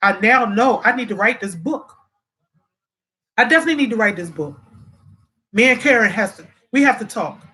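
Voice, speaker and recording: In a mid-range, slightly bright voice, a woman running a casual livestream goes through comments and speaks directly to her viewers. She sounds on the verge of tears and repeats herself frequently.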